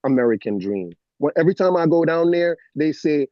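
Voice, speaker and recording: Insistent, fairly high-voiced man. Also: a little fast, no room sound. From Jamaica. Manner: animated, insistent storyteller. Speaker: podcast co-host. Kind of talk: casual banter. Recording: dull, dry podcast recording.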